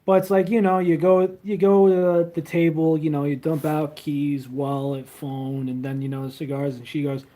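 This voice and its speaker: A young man chats loosely into a handheld phone while he streams. He is crude and meandering, with plenty of ums and trailing thoughts. His voice sits a little high for a man. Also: fairly even intonation, normal speed, hardly any pauses, warm tone. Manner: rambling, crude, many fillers. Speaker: livestreamer. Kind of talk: casual livestream chat.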